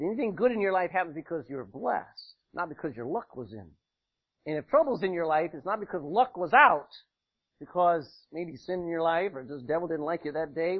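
A man's voice: on the high side, slightly rough. A man preaching a sermon, folksy and conversational, with chatty asides to the congregation. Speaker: pastor. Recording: dull lo-fi recording.

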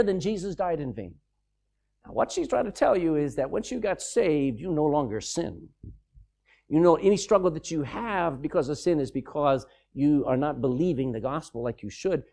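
A man preaching a sermon, animated and emphatic, with mocking, sarcastic asides. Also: fairly high pitch, gravelly.

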